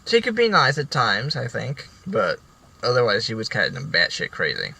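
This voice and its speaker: A man's voice: mid-range voice, wildly swooping pitch, normal speed, gravelly, sharp tone, husky, low-quality recording. A young man casually telling rambling stories from school, with frequent restarts and some swearing. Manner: rambling, profane, many restarts. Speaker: vlogger. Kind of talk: casual storytelling.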